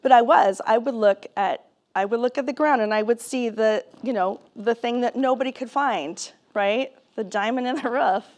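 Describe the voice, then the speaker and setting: A woman speaker telling her personal story to a live audience in a conversational, animated way, laughing often. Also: fairly high pitch, normal speed. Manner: conversational, with many fillers and restarts. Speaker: keynote speaker and author.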